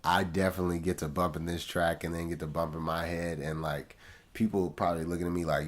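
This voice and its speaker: A man's voice: low voice, little pitch movement, brisk. A man casually reviewing an album track by track, talking in slangy, laid-back fashion straight to his viewers. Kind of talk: casual music review commentary. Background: faint music.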